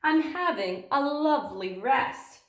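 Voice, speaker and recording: A woman voicing a tired mother who talks in a weary, low way. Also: expressive, takes it slowly, a bit bright, roomy sound, full character voice. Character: tired mother worn out in bed.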